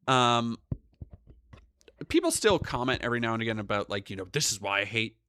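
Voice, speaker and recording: A man's voice: medium pitch, brisk, slight background noise. A young man streaming live, talking casually with lots of swearing and rambling asides. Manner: profane, animated, rambling.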